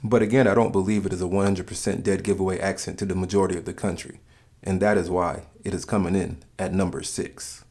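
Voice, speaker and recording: A man from the States, giving calm, measured scripted narration for a countdown video. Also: deep voice. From Southern United States.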